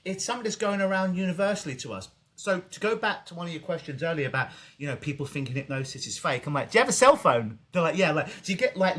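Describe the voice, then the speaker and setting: Animated man, a hypnotist guest. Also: on the high side. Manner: animated storytelling, acts out quoted voices. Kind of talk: casual podcast interview. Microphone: video call.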